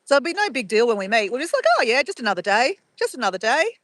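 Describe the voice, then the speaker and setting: A woman's voice: a little high, sing-song, quick pace, fairly bright tone, no room sound. Chatty woman live-streaming outdoors. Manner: chatty, greets viewers by name and reads chat aloud. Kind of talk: casual live-stream chat. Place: outdoors at sunrise, walking.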